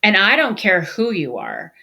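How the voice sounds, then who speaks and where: Woman co-host telling an animated story. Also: medium pitch, unhurried, gravelly. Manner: animated storyteller, acts out quoted voices. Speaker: podcast co-host. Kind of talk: casual podcast conversation.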